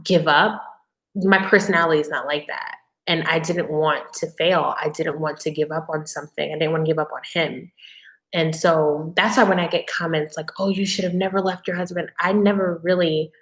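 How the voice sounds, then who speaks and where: A woman's voice: low-pitched, reverberant. A woman hosting a casual live-stream Q&A, answering viewer questions with candid, emotional personal storytelling. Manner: conversational, with frequent fillers and restarts.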